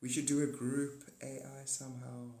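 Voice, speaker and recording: A man rambles through casual chat on a live stream, joking, swearing at times, and correcting himself; he is a streamer and paid reader. His dark, medium-pitched voice is flat and moderately paced, and the room echoes around him.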